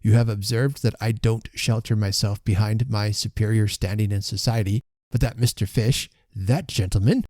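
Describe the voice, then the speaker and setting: A man voicing a pompous, self-important gentleman who speaks slowly and oracularly, in a storybook reading. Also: lowish voice, dry recording, studio quality, lightly acted. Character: pompous rich older gentleman.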